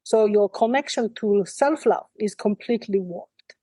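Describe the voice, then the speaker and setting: A woman channelling an ancient, wise spirit in trance, speaking in a calm, measured and dryly wry way, at times in a soft, breathy near-whisper. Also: medium pitch, dry recording, natural voice, rough recording. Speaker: trance medium.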